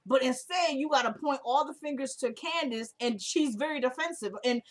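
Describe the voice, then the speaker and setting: Lady chatting thru a tv recap, kinda high voice, says stuff twice for emphasis. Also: normal speed. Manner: chatty, emphatic, repeats herself, retells scenes in quotes. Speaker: TV episode recap vlogger. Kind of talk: casual chat.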